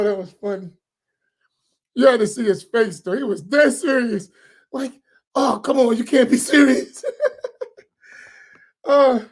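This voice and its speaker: A man, an imam giving a casual, joke-filled talk after dawn prayer. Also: sits high. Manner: animated storyteller, laughs often, colloquial.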